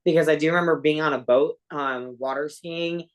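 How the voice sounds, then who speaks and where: A woman with a deep, low-set voice tells her story as a podcast guest. She rambles casually, leaning on "like" and fillers and dropping blunt swear words along the way. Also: fairly even intonation, normal speed.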